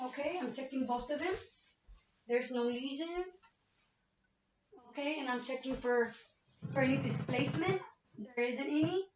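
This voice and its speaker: A high-pitched woman, a nursing student, narrates a physical exam demonstration in an unhurried way with long pauses, explaining each step to the patient and repeatedly checking "okay?" Background noise is present, and the laptop webcam audio sounds roomy, distant and muffled.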